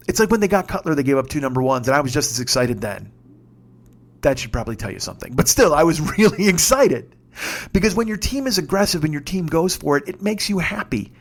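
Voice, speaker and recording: Profane, excitable man in his fifties. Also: fairly high pitch, vocal fry. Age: 50s. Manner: profane, excitable, shouts when reliving moments. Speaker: podcast host. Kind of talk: casual storytelling monologue.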